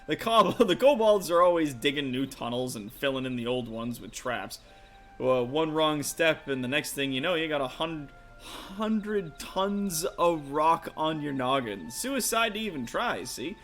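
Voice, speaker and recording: A man voicing a rough, cheeky male adventurer in a put-on mix of Brooklyn and Irish accents, slangy and swaggering. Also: fairly high pitch, animated, measured pace, a bit bright, soft background music. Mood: boastful. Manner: slangy, swaggering, calls people love and lass.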